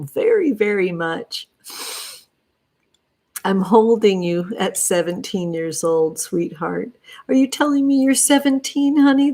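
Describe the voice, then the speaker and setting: Soft doting lady on a livestream, talks slow, calls everyone sweetheart, sitting out in her backyard. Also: medium pitch, creaky. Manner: tender, doting, calls viewers honey and sweetheart. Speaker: tarot reader and livestream host. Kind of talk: affectionate livestream chat. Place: backyard, outdoors.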